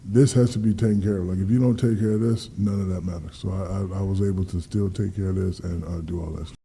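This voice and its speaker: A man's voice: low voice, fast talker, a little hiss or hum. A man in his fifties, a guest in a casual interview, telling stories with energy, acting out dialogue and swearing freely. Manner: animated storyteller, acts out dialogue, swears freely. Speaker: guest athlete.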